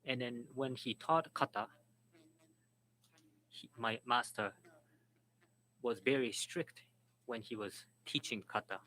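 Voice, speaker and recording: Guy moderating a panel and interpreting, bright voice, keeps stopping and restarting. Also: medium pitch, poor audio. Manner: halting, restarts words, relays a speaker's account. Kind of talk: symposium panel talk.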